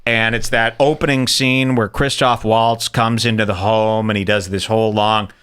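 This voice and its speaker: A man's voice: lowish voice, moderate pace, clean tone. A man hosting a comedic commentary on a video, ranting and swearing as he mocks what he watches. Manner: profane, ranting, animated. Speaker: host.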